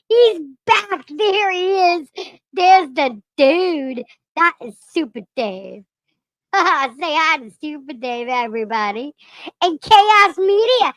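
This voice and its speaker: A bubbly livestream lemur with a strikingly high, squeaky voice that has gone a little hoarse. The lemur drawls its greetings slowly and gushes over each viewer. The sound is close and dry, with no room around it. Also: fairly bright tone, dry recording, full character voice. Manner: bubbly, gushing, calls out names one by one. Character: excitable chatty lemur character. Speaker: livestream host.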